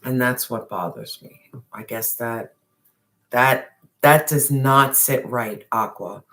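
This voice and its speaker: The voice is medium in pitch, slow, and a bit bright. It belongs to a tarot reader giving an emphatic, intense reading to a viewer, swearing and using slangy address, and whispering certain phrases.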